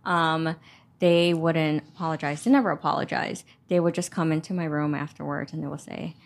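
A woman's voice: deep voice, fairly even intonation, fairly quick. A woman from a Mexican-American family, sharing family stories in a wry, matter-of-fact way during casual podcast chat. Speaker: podcast co-host.

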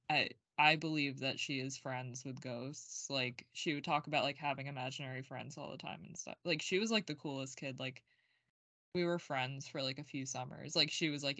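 A woman's voice: a bass voice, vocal fry, a bit bright, no echo. A young woman co-hosting a podcast, talking casually and rambling with lots of filler words. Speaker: podcast co-host. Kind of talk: casual chat.

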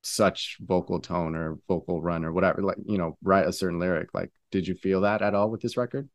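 A man's voice: low voice, steady tone, brisk, no room sound. A man interviewing a musician, asking questions casually with loose, filler-heavy phrasing.

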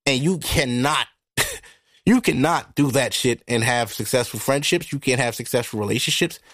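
A man hosting a podcast, talking through a casual monologue into a microphone in a blunt, profane, animated way. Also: medium pitch, moderate pace, no room sound, studio quality. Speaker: podcast host. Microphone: studio microphone.

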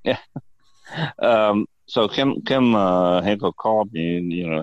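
An older male guest with a very low voice tells meandering, profane stories and laughs easily as he talks. The sound is dry, with no room around him. The recording is dull and lo-fi. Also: slow pace, no room sound. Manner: rambling, profane, chuckling storyteller. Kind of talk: casual storytelling interview.

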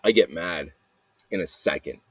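A man's voice: deep voice, moderate pace, husky, no room sound. A man hosting a podcast, rambling through a personal monologue with frequent swearing and flashes of anger. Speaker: podcast host.

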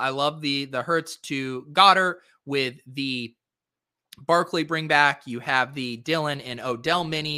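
A man's voice: medium pitch, dry recording, studio quality. A man hosting a fantasy sports podcast, talking casually through lineups with lots of ums and uhs as he thinks aloud. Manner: relaxed, filler-heavy, thinking aloud. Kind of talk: casual solo lineup review.

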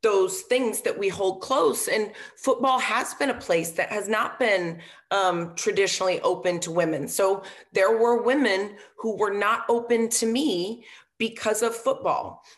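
A woman's voice: mid-range voice, measured pace. A woman, a former football coach, telling a story as an interview guest in a casual way, often saying "um" and "right?" and acting out what others said. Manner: earnest, with frequent "um" and tag questions like "right?"; acts out quoted dialogue in lively voices.

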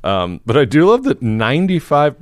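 A man co-hosts a comedic podcast, reading news stories aloud and joking about them, laughing as he goes. His voice sits at an ordinary middle pitch. It is recorded close and dry, with no room sound. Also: moderate pace, dry recording. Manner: animated, laughing, swears casually. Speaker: podcast co-host. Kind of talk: casual comedic chat.

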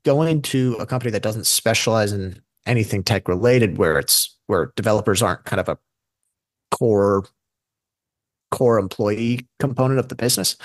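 A man's voice: lowish voice, no echo. A man co-hosting a casual investing show, talking in a rambling way and often correcting himself mid-sentence. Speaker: podcast co-host.

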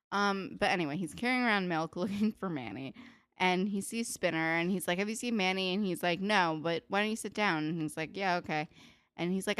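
A woman's voice: lowish voice, fairly bright tone, no echo. A young woman co-hosting a casual chat, blunt and sweary, with dry asides about the characters. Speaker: podcast co-host recapping a TV episode.

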